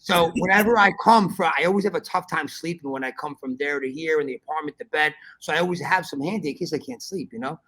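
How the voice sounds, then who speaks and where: A man hosting a podcast, telling a story in animated casual chat, swearing often and calling his listener bro. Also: on the high side, fast talker, hardly any pauses. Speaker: podcast host.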